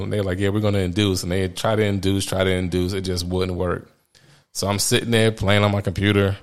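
A man in his thirties speaks in a fairly low voice, telling parenting stories in a loose, candid way. He rambles, restarts and laughs often as he talks. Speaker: father sharing parenting stories. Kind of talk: casual personal storytelling.

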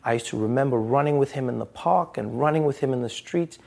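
Gravelly-voiced man from South Africa. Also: medium pitch, fast talker. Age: 30s. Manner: earnest, storytelling, quotes others in lively voices. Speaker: interviewee, comedian. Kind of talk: reflective interview.

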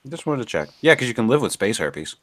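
A man on a podcast, cracking profane jokes and laughing loudly in casual chat. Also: mid-range voice, sing-song, fast talker. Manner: wisecracking, profane, loud laughs. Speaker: podcast co-host.

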